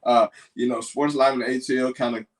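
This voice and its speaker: A man's voice: medium pitch, little pitch movement, fairly quick, poor audio. A young man hosting a casual livestream, reading out viewer comments and encouraging them in a loose, filler-heavy way. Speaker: livestream host.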